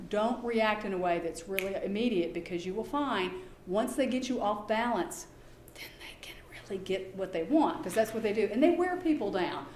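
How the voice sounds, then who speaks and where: A woman with a slightly high voice gives a presentation to a room of parents. She is chatty and animated and acts out bits of dialogue as she goes. Her voice rings out in an echoey room over faint background noise. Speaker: behavior specialist giving a talk to parents. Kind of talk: presentation to an audience.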